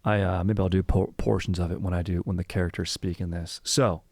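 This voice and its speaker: A man's voice: deep voice, fairly quick, no room sound. Jokey young man hosting a podcast. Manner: animated, jokey, rambling. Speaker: podcast co-host. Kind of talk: casual chat.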